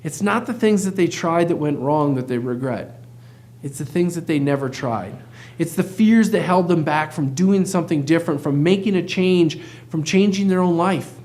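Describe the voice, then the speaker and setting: A man with a high, light voice gives a motivational talk as a practice coach. He speaks earnestly and with emphasis, and keeps putting rhetorical questions to his listeners. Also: moderate pace, a little mellow. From United States.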